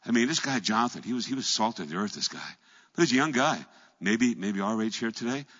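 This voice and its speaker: Husky preacher in an echoey hall. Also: male voice, mid-range voice, animated, brisk. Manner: storytelling preacher, acts out voices and swings from quiet to loud. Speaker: pastor. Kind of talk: sermon. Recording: echoey hall, dull lo-fi sound.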